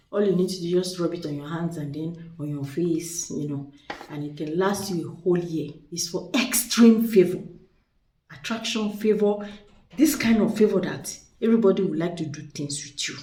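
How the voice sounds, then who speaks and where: Low-voiced woman pitching products, echoey. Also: darkish tone, slight background noise. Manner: chatty, persuasive, repeats words for emphasis. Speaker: seller of spiritual products. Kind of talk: casual product showcase. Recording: echoey room, distant mic.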